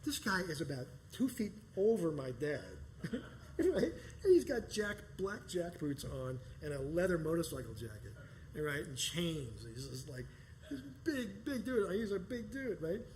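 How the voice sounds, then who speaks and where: A man telling a personal story live on stage, animated and profane, often breaking into laughter. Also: on the high side, measured pace, slight background noise, low-quality recording. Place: performance space stage.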